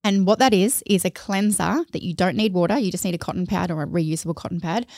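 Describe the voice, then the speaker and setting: A woman's voice: lowish voice, quick pace, darkish tone, no room sound. Chatty woman, dry studio sound. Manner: chatty, enthusiastic, acts out quoted voices. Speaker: podcast co-host. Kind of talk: casual beauty chat.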